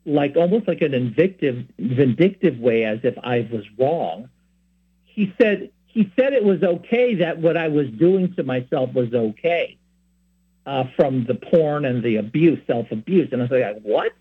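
A man's voice: medium pitch, animated, unhurried, breathy edge. A man from San Francisco who hosts a Catholic program, giving rambling, earnest spoken teaching with many asides. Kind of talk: informal spoken teaching and personal story. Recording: tinny phone-like sound.

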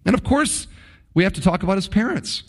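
A man preaching a sermon, addressing his congregation with rhetorical questions and stretching key words for emphasis. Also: animated. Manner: emphatic, swings between low drawn-out stresses and quick asides. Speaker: pastor.

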